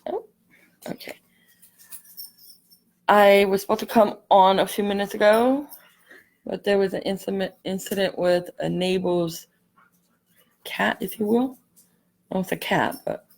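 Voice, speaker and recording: A woman's voice: medium pitch, gravelly, darkish tone. A woman hosting a live craft tutorial, chatting in a rambling, apologetic way as she works. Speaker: craft channel host.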